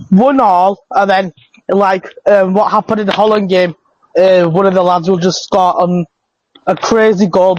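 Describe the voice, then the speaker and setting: A man chatting casually on a podcast, hesitant and filling his pauses with ums. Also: sits high, dry recording. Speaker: podcast panelist. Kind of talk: casual chat. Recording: dull lo-fi mic.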